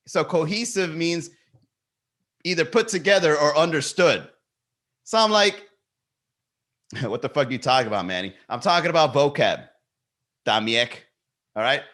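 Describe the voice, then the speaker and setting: A man hosting a comedy podcast, telling a story in a casual, animated rant, swearing freely and joking with the live chat. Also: on the high side. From Miami. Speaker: podcast host.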